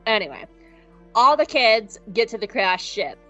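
A woman with a fairly high voice co-hosts a podcast, retelling an episode with lively, profane enthusiasm. The sound is somewhat muffled and lo-fi, with faint music in the background. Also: a little slow. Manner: animated, profane storytelling. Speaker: podcast co-host. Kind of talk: casual episode recap.

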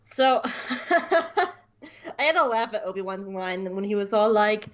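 Animated, laughing woman co-hosting a podcast. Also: medium pitch, unhurried, pauses often, lo-fi sound. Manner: animated, laughing, swears, acts out quotes. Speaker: podcast co-host. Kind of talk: casual chat.

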